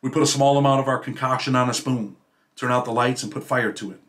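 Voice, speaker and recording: A man reads his own memoir aloud at a medium pitch, in a steady, even storytelling voice. His sentences tend to trail off softer at the ends. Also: fast, a little hiss or hum. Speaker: host reading his own prison memoir. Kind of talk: memoir reading.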